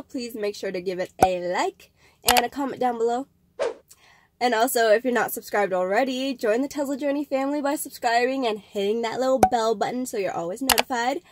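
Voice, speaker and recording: A woman's voice: a little high, expressive, a little fast, background noise. A woman hosting a casual vlog, rambling in a chatty way with frequent laughs and filler words. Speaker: vlog host.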